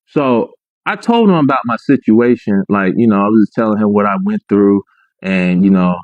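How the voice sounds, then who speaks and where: A man's voice: lowish voice, dry recording. A man telling his own story emphatically, repeating his points and checking in with "right?". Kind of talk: emphatic personal account. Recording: dry, muffled lo-fi audio.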